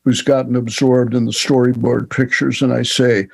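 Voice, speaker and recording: An older man, a film director, telling relaxed, wry anecdotes as a guest in an interview. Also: mid-range voice, normal speed, gravelly, few pauses, no room sound. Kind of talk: storytelling in an interview.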